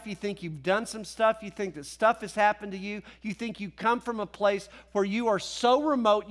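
A pastor preaching a sermon in a casual, conversational way. His voice sits high for a man, and he slips into quick acted voices for the people in his stories. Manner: conversational preaching, acting out voices of biblical figures.

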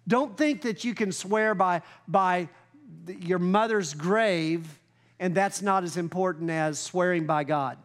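A pastor preaching a sermon, reading scripture slowly and rising in volume when he gets fired up. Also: sits high.

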